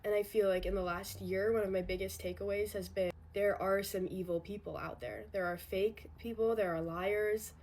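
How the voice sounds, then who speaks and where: Woman in her twenties, mid-pitched voice, candid and reflective, rambling storytime. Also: fairly even intonation, normal speed, hardly any pauses, a little mellow, a little hiss or hum. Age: 20s.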